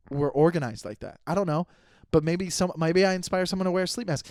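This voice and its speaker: A man's voice: on the high side, darkish tone, dry recording, clean studio sound. A man in his thirties hosting a solo comedy podcast, rambling and self-aware, making jokes and often restarting his sentences. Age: 30s. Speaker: podcast host.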